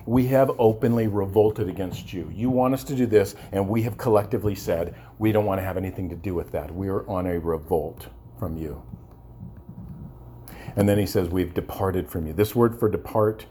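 A man's voice: lowish voice, normal speed, mellow, a little hiss or hum. A man preaching a sermon with passion, often repeating words and asking his listeners for agreement. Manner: passionate, repeats words and restarts, asks the congregation "amen?". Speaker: pastor.

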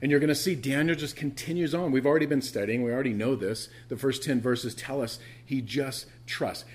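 A man's voice: medium pitch, fairly quick. A man pastor preaching a sermon, emphatic and questioning the congregation as he teaches from scripture.

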